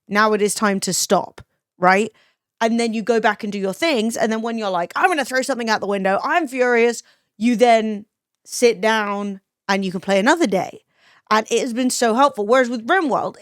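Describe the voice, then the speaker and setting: A woman's voice: mid-range voice, smooth, no echo. Young woman, casual game stream chat, talkative, swears freely, dry close sound. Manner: chatty, swears freely, reads chat aloud.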